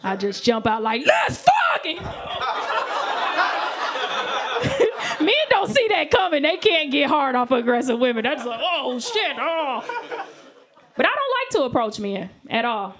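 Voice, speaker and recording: Young female stand-up, high-pitched and animated, playing to a loud live crowd. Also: a little fast, hardly any pauses. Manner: animated, acts out voices of men and friends. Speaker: stand-up comedian. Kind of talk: stand-up comedy set. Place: comedy stage. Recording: live show with audience laughter.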